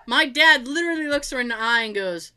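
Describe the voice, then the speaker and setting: A woman co-hosts a relaxed chat, her voice bright and sitting a little high. She tells family stories with animated energy, swears casually and acts out what her relatives said. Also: fast talker, smooth.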